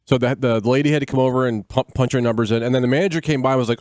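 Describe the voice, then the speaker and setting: Man, radio co-host, matter-of-fact chat, rapid talk, dry studio mic. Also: medium pitch, a little mellow, no echo. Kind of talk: casual talk radio banter.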